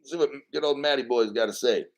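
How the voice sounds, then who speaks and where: A man hosting a crypto video channel, talking in a brash, profane, jokey way and stressing words by saying them slowly. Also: mid-range voice. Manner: emphatic, repeats words slowly. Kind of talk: casual crypto vlog commentary.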